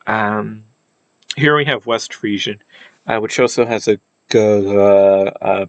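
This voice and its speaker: A man's voice: fairly low pitch, steady tone, takes it slowly, no room sound, lo-fi sound. A man giving an unscripted explainer lesson, thinking aloud with frequent fillers and self-corrections. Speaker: video lecturer on historical linguistics.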